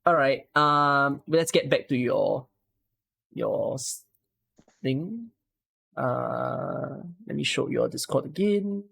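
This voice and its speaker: A man's voice: mid-range voice, slow pace, gravelly, fairly bright tone. A man, coaching a viewer through a game strategy on a live stream and asking frequent rhetorical questions. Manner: explains patiently with many rhetorical questions.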